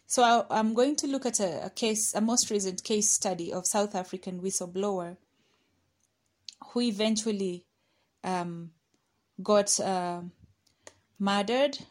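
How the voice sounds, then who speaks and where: A woman's voice: mid-range voice, a little slow, pauses often, a little mellow. A woman presenting a case study, reading a prepared talk with fillers and restarts as she goes. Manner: reads with hesitant fillers and restarts, quotes others aloud.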